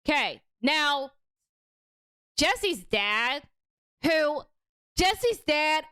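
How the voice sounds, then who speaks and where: A woman's voice: a little high, lively intonation, measured pace, pauses often, a bit bright, clear, resonant tone, no echo. A young adult woman hosting a casual commentary livestream, talking bluntly with lots of swearing. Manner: blunt, profane, ranting. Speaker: stream host.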